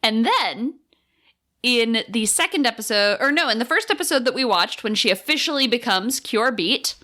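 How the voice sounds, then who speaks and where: Brief: woman podcast co-host, lively pitch swings, playful casual chat. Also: normal speed. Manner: animated, playful, goes off on tangents.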